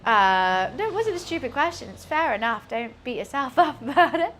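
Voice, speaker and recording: With a high-pitched, sing-song, somewhat bright voice at normal speed, a young British woman chats casually as she cooks in her home kitchen for her stream. She's chatty and self-deprecating, rambling with fillers and laughing at herself, against slight background noise.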